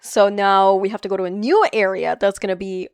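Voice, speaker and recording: A woman streaming a video game, chatting casually with viewers, animated and playful, laughing often and swearing freely. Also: mid-range voice, a little fast, clean tone, dry recording, clean studio sound. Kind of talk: casual live-stream chat reading viewer comments.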